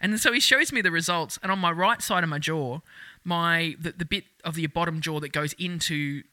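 Laughing, crude Australian woman, very bright voice. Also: on the low side, moderate pace, no room sound. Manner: crude, laughing, animated storyteller who acts out quotes. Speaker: podcast co-host. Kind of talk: casual chat.

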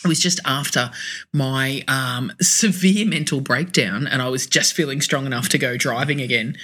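A man with an Australian accent, co-hosting a podcast in casual chat, telling animated stories, swearing freely and laughing often. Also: medium pitch, moderate pace, breathy edge. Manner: animated storyteller. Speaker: podcast co-host.

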